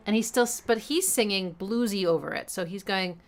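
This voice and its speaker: With album music playing behind her, a woman hosts a listening party and eagerly picks apart a song's rhythms and chords. She hums and scats riffs, swearing casually when she slips, in an enthusiastic, chatty breakdown. Her voice is medium-pitched and a little fast.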